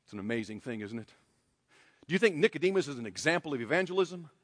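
A male pastor preaching a sermon in a church, emphatic and swinging between loud, raised passages and quiet, hushed ones. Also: on the high side, lively intonation, quick pace, clean studio sound. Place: church sanctuary. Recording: long hall reverb.

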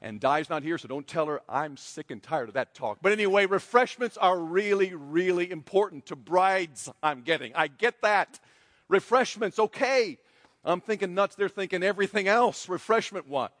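A male pastor preaching a sermon, his higher-than-usual voice rising and falling with lively expression. He swings from loud, pressing passages to hushed asides. A long reverb trails his words through the church. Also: moderate pace, clean studio sound. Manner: emphatic preaching that swings between loud and quiet. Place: church sanctuary.

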